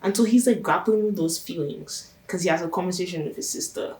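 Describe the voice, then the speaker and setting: A woman's voice: lowish voice, a little fast, darkish tone. A woman hosting her own channel, recapping a TV series in a chatty, gossipy way and stressing her points by repeating them. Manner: chatty, gossipy, emphatic with repetitions. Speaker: reaction channel host. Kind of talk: casual TV recap commentary. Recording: roomy sound from a distance off the mic.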